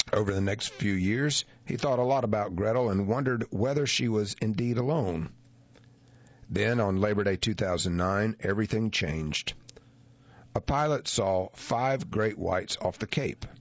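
A man reading a nonfiction article aloud as scripted narration, in a measured, even manner. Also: fairly low pitch, no room sound. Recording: dull lo-fi dry recording.

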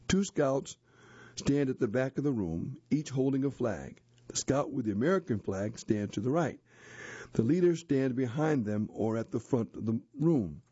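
A man narrating a story and a handbook aloud in a steady, expressive reading voice. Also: medium pitch, husky, no echo. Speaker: narrator, reader. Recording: dull lo-fi dry recording.

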